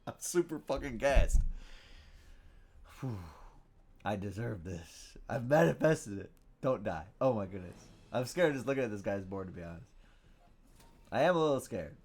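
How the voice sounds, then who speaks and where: A young man commenting on his own card game in a loose, casual way. His voice bounces around a lot, sliding from low muttering to sudden loud outbursts. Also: moderate pace, pauses often, slightly rough. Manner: excitable, swings from mumbling to loud shouting. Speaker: game streamer.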